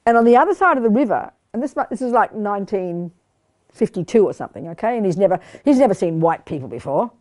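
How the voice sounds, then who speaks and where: An older woman giving a lively Buddhist teaching to a live group, quizzing her listeners and talking bluntly and playfully. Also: medium pitch, fast. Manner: animated, questioning the audience, blunt and playful. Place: meditation study group hall.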